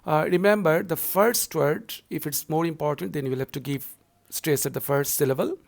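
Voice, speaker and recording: Gravelly-voiced man lecturing with many fillers. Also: on the high side, normal speed. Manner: repetitive, explanatory, frequent filler "uh". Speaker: university lecturer. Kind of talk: recorded lecture on poetry scansion.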